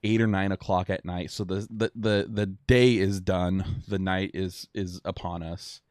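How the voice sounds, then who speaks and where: A deep-voiced man running a tabletop game, talking loosely and casually with plenty of "um"s and restarts. The recording is dry and close, with no room sound. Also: flat delivery, darkish tone, no echo. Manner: halting, with many fillers and restarts. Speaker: game master.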